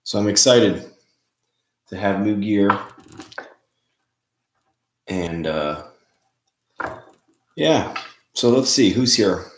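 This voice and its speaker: Relaxed low-voiced man in echoey room. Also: drawn-out words, long pauses. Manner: relaxed, chatty, greets viewers by name. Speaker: livestream host. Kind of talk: casual live-stream chat with viewers. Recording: roomy, echoey room sound.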